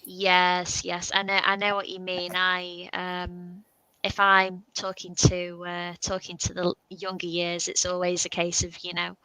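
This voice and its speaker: A woman hosting a casual video chat, quick to agree, gasp and laugh. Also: fairly low pitch, completely flat delivery, clean tone, no room sound, poor audio. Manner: warm agreeing reactions, gasps and laughs. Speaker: host.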